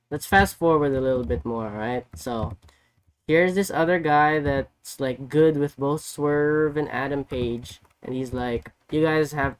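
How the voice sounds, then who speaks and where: A man streaming casually, recapping a story in an excitable, rambling way full of "like" and "you know". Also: fairly high pitch. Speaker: vtuber streamer. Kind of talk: casual chat.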